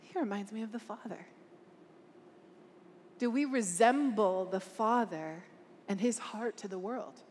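A woman's voice: medium pitch, measured pace, pauses often, darkish tone. An earnest woman preaches to a gathered crowd, her voice carrying with a long echo through a large hall. She speaks with emphatic conviction, turning questions out to her listeners, over a faint hum of room ambience. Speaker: conference speaker. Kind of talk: preaching a talk.

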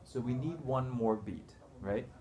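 In a noisy room recording, a man gives a one-on-one music lesson on rhythm, patiently explaining each step while counting beats and chanting rhythm syllables aloud. His voice is mid-range and dark, and he speaks unhurriedly.

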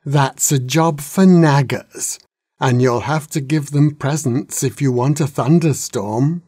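A man's voice: mid-range voice, darkish tone, breathy edge, no room sound, studio quality. A man as a droning wise old dragon. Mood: grumbling. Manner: droning, slow. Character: ancient wise old male dragon, grumbling.

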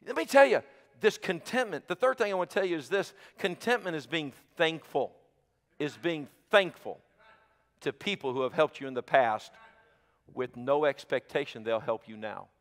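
A man preaching a sermon as pastor, moving between quiet, intimate passages and loud, emphatic ones. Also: on the high side, expressive, normal speed, long reverb tail. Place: church sanctuary.

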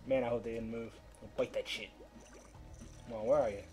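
With faint music behind him, a man does laid-back let's-play commentary at a fairly quick pace, his medium-pitched voice steady and a little mellow. He curses at the fish and insults them, coaxing and begging them to bite until frustration sets in.

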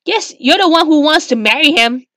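A woman's voice: high-pitched, lively intonation, normal speed, pushed and bright, no echo, clean studio sound. A woman reading the lines of a pushy, scheming teenage girl in a story game, in a harsh, accusing way.

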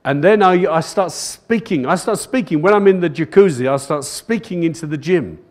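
A man's voice: on the high side, normal speed. An older man, a pastor, preaching a sermon to a live congregation in a church, repeating phrases for emphasis and calling out "Amen?" to the room. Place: church service, recorded live.

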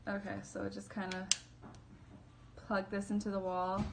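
A woman's voice: mid-range voice, monotone, moderate pace, vocal fry, heavy background noise. A young woman vlogging casually as she unboxes a camera, bubbly and chatty, full of fillers and self-deprecating asides.

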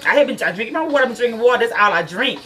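A woman's voice: a little high, lively intonation, very fast, fairly bright tone, recorded from a distance, faint music behind. Chatty, cursing woman vlogging to viewers. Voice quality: chatty, swears freely, calls viewers y'all. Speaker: nail and beauty school student vlogger. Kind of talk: casual chat to viewers.

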